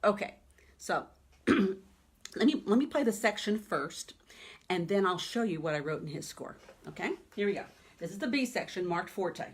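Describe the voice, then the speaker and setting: A woman's voice: mid-range voice, lively intonation, moderate pace, husky. A woman piano teacher giving a teaching webinar in a chatty, emphatic way, often checking in with "okay?" and "right?".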